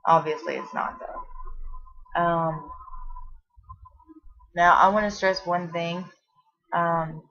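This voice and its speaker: A young pregnant vlogger with a low, fairly bright voice sits at home giving a casual pregnancy update to her camera. She speaks slowly with fairly even intonation and long pauses, chatty and rambling, full of fillers, often trailing off and restarting. She sounds short of breath, and the dull, lo-fi audio feels like a home video.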